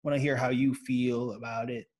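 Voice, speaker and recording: A man's voice: medium pitch, little pitch movement, normal speed, darkish tone. A man hosting a podcast in laid-back casual chat, filling his talk with "like" and "you know" and laughing often. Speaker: podcast host.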